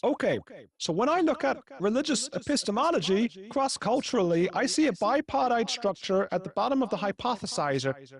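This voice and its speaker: A man's voice: sits high, vocal fry, voice pushed up. A man doing an impression of a famous male lecturer who strings academic jargon together in an earnest, winding lecture.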